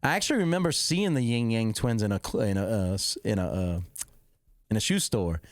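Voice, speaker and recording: A middle-aged man, hosting a podcast, rambling and correcting himself as he excitedly recounts a football game. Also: lowish voice, brisk, no echo. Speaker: podcast host. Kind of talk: casual storytelling.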